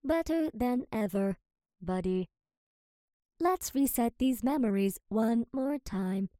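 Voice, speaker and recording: A woman's voice: on the high side, animated, slow pace, dark tone, no room sound, studio quality. A woman voicing a sweetly menacing, childlike female machine who sounds mock-innocent and coldly polite. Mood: coldly calm. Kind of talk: reading character lines with spoken stage directions.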